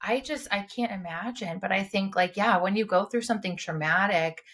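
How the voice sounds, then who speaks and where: A woman co-hosting a podcast as a mental health clinician, talking in an earnest, expressive way. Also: medium pitch, normal speed. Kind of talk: casual podcast discussion.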